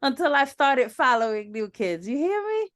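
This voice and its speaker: A woman's voice: sits high, big pitch swings, normal speed, fairly bright tone. A woman hosting a podcast interview in casual chat, talking emphatically and straight to the listener. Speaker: podcast host.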